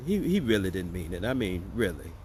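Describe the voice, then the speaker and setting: A man's voice: deep voice, big pitch swings, a little fast, a little mellow, a little hiss or hum. A man hosting casual political commentary, joking and sarcastic as he talks straight to his viewers. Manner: joking, sarcastic and chatty, addressing viewers as y'all. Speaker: host.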